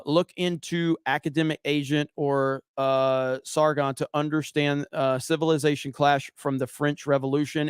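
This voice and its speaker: A man's voice: fairly high pitch, clean tone, no echo, studio quality. A man from Alabama with a Southern accent, hosting a livestream in casual, profane, rambling chat while reading super chats. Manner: profane, rambling, self-mocking. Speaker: livestream host.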